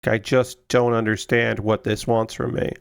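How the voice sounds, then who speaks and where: A man's voice: mid-range voice, little pitch movement, normal speed, vocal fry, smooth. A young man chatting casually on a stream, rambling and exasperated, swearing freely and firing off repeated questions. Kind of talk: casual chat while building a model kit.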